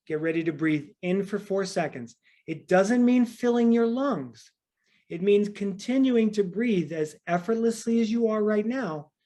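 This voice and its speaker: A man working as a breathing coach, guiding a breathing exercise by calmly counting the breaths, then explaining the method in plain words. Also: sits high. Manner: calm, counts breaths slowly and softly.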